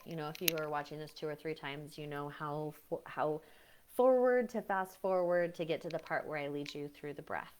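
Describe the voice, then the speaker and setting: A woman with a slightly low voice talks through a live teaching session as a breathwork coach. She is chatty and animated, often slipping into voices to act out what other people say. Her talk wanders, with fillers and restarts.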